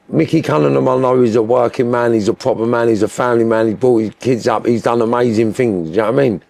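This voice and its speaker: A man with a Scouse accent talks in an interview, blunt and animated, swearing as he goes. His voice has a gravelly, rough edge with a middle pitch. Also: dry recording. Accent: Liverpool (Scouse). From Liverpool, England. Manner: animated, swears freely, mimics other voices. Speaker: interview guest. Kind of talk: candid storytelling interview.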